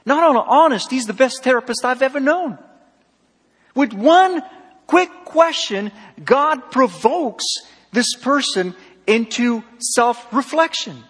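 A man preaching a sermon, emphatic, swinging between loud and soft, acting out dialogue with a slightly husky voice. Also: very high-pitched, expressive, slow. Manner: emphatic, rising and falling sharply, acts out dialogue. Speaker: pastor. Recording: long hall reverb.

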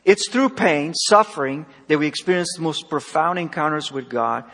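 A man preaching a sermon, emphatic, swinging between loud and soft, acting out dialogue with a slightly husky voice. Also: fairly high pitch, lively intonation, normal speed. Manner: emphatic, rising and falling sharply, acts out dialogue. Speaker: pastor. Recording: long hall reverb.

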